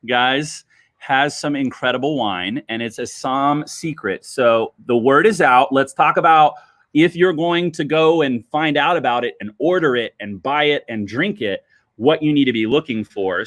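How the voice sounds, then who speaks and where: A man's voice: mid-range voice, fairly bright tone, no room sound. A man hosting a livestreamed wine lesson as a sommelier, talking chattily to his viewers, calling them guys and checking in with them often. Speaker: sommelier host.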